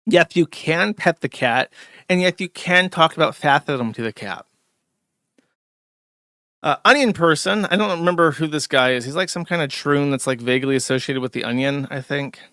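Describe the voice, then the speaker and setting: Bright-voiced sarcastic male streamer. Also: on the high side, normal speed, dry recording, clean studio sound. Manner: mocking, sarcastic, rambling with many fillers. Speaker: streamer host. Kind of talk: casual live-stream commentary.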